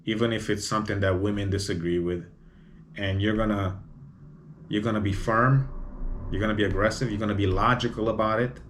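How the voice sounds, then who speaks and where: A man's voice: lowish voice, fairly even intonation, a little fast, fairly bright tone, slight background noise. A man hosting a solo podcast, talking bluntly and opinionatedly, often tacking on "you know?". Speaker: podcast host.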